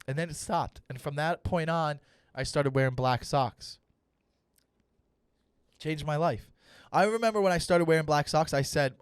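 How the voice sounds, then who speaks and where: Brief: young male comic, solo podcast rant, emphatic and profane, slightly high voice, dry close sound. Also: moderate pace, pauses often, clean tone, no echo. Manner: loud, emphatic, profane and mock-serious. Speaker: comedian hosting his own podcast.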